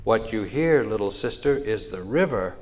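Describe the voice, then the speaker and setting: A man's voice: fairly low pitch, expressive, moderate pace, a little mellow, lightly acted. A man voicing a friendly female raccoon who guides a little mouse in a spoken story, welcoming and a bit livelier.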